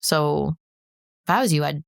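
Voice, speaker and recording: This is a middle-aged woman with a notably low voice, talking in a blunt, no-nonsense way and laughing often as she tells stories. The sound is dry and close, with no room around her. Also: normal speed, gravelly, no echo. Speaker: podcast co-host. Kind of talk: casual chat.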